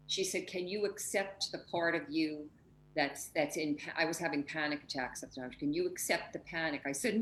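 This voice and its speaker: Low-voiced woman, emotional spiritual host. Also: normal speed, a bit bright, echoey room, rough recording. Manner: emotional, acts out inner voices. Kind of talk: heartfelt spiritual conversation. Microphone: video call.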